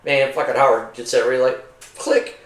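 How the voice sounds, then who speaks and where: A man's voice: mid-range voice, fairly quick. A middle-aged man, a retired army veteran, telling profane stories over drinks and acting out the voices of the men he served with. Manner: profane, animated storyteller acting out his comrades' voices. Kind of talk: casual storytelling over drinks. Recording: roomy, mic at a distance.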